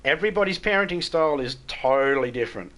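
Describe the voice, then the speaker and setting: Middle-aged Australian male streamer, blunt and swearing, bright slightly high voice, loose chatty delivery. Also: animated, fast. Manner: blunt, swears freely, stammers on restarts. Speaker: game streamer chatting with viewers. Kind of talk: casual live-stream chat.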